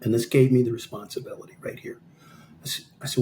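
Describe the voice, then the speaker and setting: A man in his fifties, a guest on a podcast, tells a story in an animated way and acts out the dialogue he quotes. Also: medium pitch, fast. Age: 50s. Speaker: podcast guest, amateur fighter. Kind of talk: storytelling in an interview.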